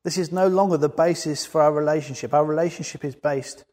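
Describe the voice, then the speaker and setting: A man's voice: fairly high pitch, fairly even intonation, a little fast, darkish tone. Man preaching in a reverberant hall. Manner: earnest, builds to emphatic peaks. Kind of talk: sermon.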